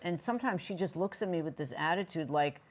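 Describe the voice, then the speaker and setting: A woman's voice: on the low side, animated, quick pace. A woman co-hosting a relationship talk show, chatting candidly and often breaking off mid-thought. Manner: chatty, candid, self-interrupting. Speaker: co-host. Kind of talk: casual chat.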